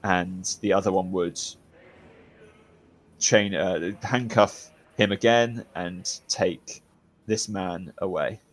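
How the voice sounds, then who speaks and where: A man narrating scenes as dungeon master in a relaxed, descriptive way. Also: low voice, slow. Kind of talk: narrating a tabletop game.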